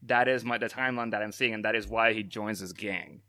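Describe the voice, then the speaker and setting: A man with a lowish voice co-hosts a podcast, talking fairly quickly with vocal fry and a bright, forceful tone. During the casual chat he keeps interrupting to recap, laughing and incredulous. The studio sound is clean, with no echo.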